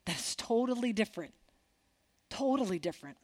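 A woman's voice: on the high side, animated, normal speed, darkish tone. A woman preaching a sermon, acting out quoted dialogue with big swings and dropping to near whispers. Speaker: pastor.

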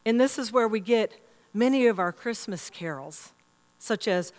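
In a large church sanctuary with long reverb, a middle-aged woman pastor preaches at a moderate pace in a fairly high voice. She tells stories animatedly, acting out the voices of the people she quotes.

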